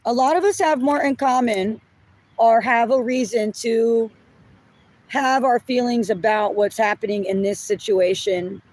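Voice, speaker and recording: A woman's voice: a little high, measured pace, a little mellow. Blunt, apologetic woman tarot reader. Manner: apologetic, blunt, swears when upset. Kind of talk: collective reading, casual talk.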